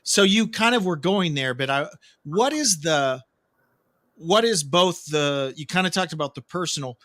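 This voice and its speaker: A man hosting an interview, talking casually and halting as he frames questions. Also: a little high, expressive, a bit bright, dry recording. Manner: halting, repeats words while framing questions. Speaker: radio show host.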